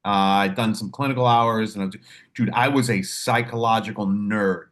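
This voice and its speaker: A man on a podcast telling animated, profane stories about his clinical work, acting out the voices in them. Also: lowish voice, normal speed. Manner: animated storyteller, profane, acts out quotes. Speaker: podcast host, mental health clinician. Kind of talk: casual podcast chat.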